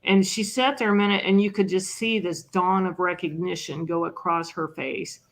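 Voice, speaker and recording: Chatty older woman with a creaky voice. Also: fairly low pitch, steady tone. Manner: chatty and self-mocking, with frequent "you know" and quick laughs. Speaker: podcast guest in recovery. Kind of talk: conversational storytelling.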